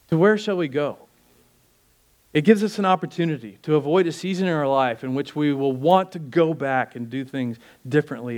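A middle-aged man preaching a sermon as pastor, emphatic and full of rhetorical questions, building to fervent peaks. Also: fairly high pitch.

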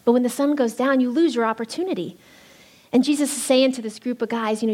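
A woman pastor preaching a sermon, telling the story with lively delivery and acting out the voices of the people in it. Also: fairly high pitch, quick pace.

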